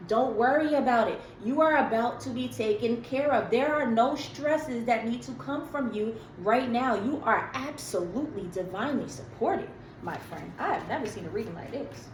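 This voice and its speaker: A woman's voice: a little high, normal speed, hardly any pauses, a little hiss or hum. Chatty woman tarot reader, echoey room. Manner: chatty, emphatic, slangy, laughs at herself. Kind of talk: casual tarot reading to camera.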